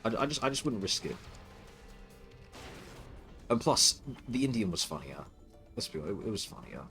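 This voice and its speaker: A man's voice: on the low side, sing-song, normal speed, a bit bright, faint music behind. Scornful, stammering male streamer ranting. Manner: contemptuous, stuttering restarts, swearing.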